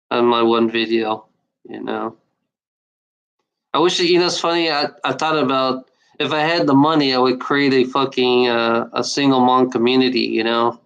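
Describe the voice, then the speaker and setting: A man vents in a loose, unscripted video rant. He speaks bluntly and swears often, stumbling through restarts and fillers. His voice sits at an ordinary middle pitch. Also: a bit bright, smooth, dull audio. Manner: blunt, profane, repeats himself with many fillers. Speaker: video maker.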